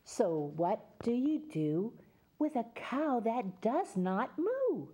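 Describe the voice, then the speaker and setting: A woman's voice: on the high side, very animated, slow pace, dark tone, husky. A woman hosting a children's story time, reading a picture book aloud and coaxing the children to repeat animal sounds with her. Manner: sing-song, coaxing children to join in; animal sounds and call-and-response.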